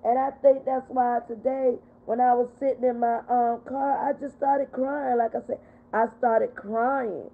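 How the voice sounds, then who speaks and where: An older woman hosting a casual livestream, talking in a heartfelt, repetitive way while she is upset but steady. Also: fairly high pitch, unhurried, vocal fry. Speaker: livestream host. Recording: tinny phone-like sound.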